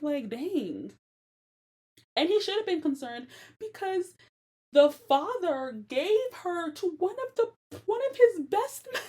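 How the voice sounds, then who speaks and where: A young woman hosting a podcast, giving casual commentary on a Bible story, animated and slangy and laughing often. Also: medium pitch. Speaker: podcast host.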